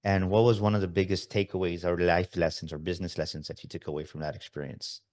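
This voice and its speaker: Animated male podcast host. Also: sits low, quick pace. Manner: animated storyteller, often asking "right?". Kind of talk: casual interview chat.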